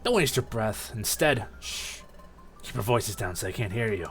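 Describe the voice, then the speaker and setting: A streamer voicing a gruff lizard outlaw who talks in a curt, dismissive way, reading game dialogue aloud. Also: mid-range voice, lively intonation, normal speed, faint music behind, lightly acted.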